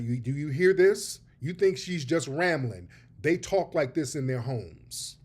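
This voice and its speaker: Male host, pointed emphatic commentary, a little higher voice. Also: normal speed, darkish tone. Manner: emphatic, addresses audience as family. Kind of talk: commentary on played clips.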